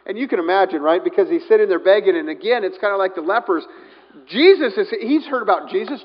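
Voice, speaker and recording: Animated high-voiced male preacher. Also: fairly quick. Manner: animated, swings from loud to hushed. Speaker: pastor. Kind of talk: sermon. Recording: dull sound, long hall reverb.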